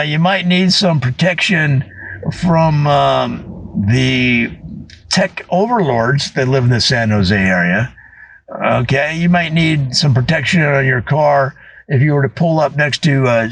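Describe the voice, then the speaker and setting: Comic monologist, male, husky, slightly high voice, animated storyteller. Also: low-quality recording. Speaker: comedian. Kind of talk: comedic monologue.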